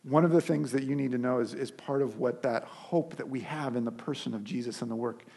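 A man delivers a sermon as a pastor, retelling a story with lively energy. His voice sits at a middle pitch with a husky edge, and he often restarts his phrases as he builds each point. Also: brisk. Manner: animated storytelling with frequent restarts.

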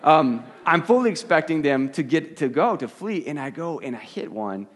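A man's voice: on the high side, moderate pace, husky. Man telling a story from the pulpit. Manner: storytelling, animated, self-deprecating, frequent restarts. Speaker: pastor. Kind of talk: sermon with personal story.

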